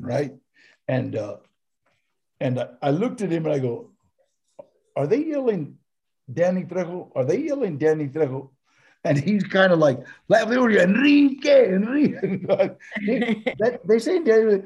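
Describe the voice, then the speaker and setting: A man's voice: on the high side, creaky, darkish tone, breathy edge. An older man, telling stories as a guest in a casual interview, rambling and laughing. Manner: rambling, laughing, full of "you know" and "man". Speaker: guest actor.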